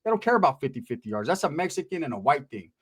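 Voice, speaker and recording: A man's voice: a little high, big pitch swings, very fast, breathy edge. A man telling stories in casual, slang-heavy talk, acting out what other people said. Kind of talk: casual storytelling.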